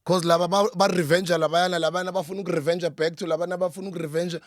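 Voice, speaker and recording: A man with a South African accent speaking as a podcast guest, switching quickly between Zulu and English. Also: sits high, level tone, dry recording, clean studio sound. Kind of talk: casual podcast conversation.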